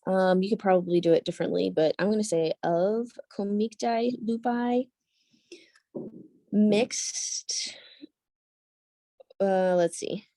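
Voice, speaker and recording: A woman's voice: mid-range voice, steady tone, takes it slowly, long pauses, mellow, no echo. A young woman teaching a Latin lesson, translating line by line and thinking aloud with frequent ums and self-corrections.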